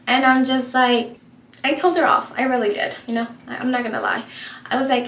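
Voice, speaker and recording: A young woman vlogging while she does her makeup, telling a story in a chatty, animated way full of fillers. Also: fairly high pitch, a little fast. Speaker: beauty vlogger. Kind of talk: casual get-ready-with-me storytelling. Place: home room while doing makeup. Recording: echoey room with faint ambient noise.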